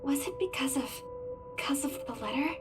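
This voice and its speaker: Soft anxious young girl friend in a visual novel, super high voice, kinda apologetic, stumbles over words. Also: lively intonation, fairly quick, music in the background. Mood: worried. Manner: gentle, hesitant, apologetic. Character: Isabel, earnest worried young woman friend.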